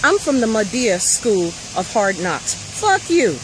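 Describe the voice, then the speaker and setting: A woman's voice: on the high side, measured pace, rough recording. A woman, a mother, in an impassioned rant, blunt, profane and emphatic, talking inside a vehicle. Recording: steady vehicle noise behind.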